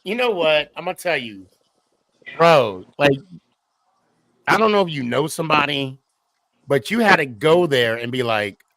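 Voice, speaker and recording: A man hosts a relaxed call-in sports podcast, chatting loosely in slang and warmly thanking his guests. His somewhat high voice is animated but measured, with frequent pauses and no room sound.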